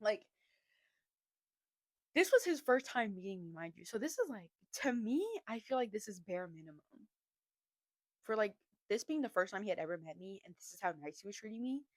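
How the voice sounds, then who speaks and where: A young adult woman hosting a podcast, telling a story in a chatty, animated way, laughing often and filling her talk with "like.". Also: mid-range voice, fairly quick, dry recording. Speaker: podcast host. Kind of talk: casual storytime chat.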